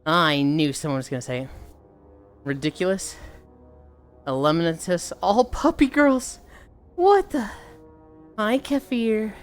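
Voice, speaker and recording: A woman's voice: fairly low pitch, measured pace, long pauses, faint music behind. A woman livestreamer chatting casually with her viewers, rambling, sighing often and swearing offhandedly.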